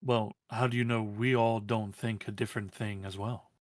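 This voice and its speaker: A man playing a tabletop game, speaking in a measured, questioning way. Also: on the low side, fairly even intonation, no room sound, clean studio sound. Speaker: player. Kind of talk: casual tabletop play.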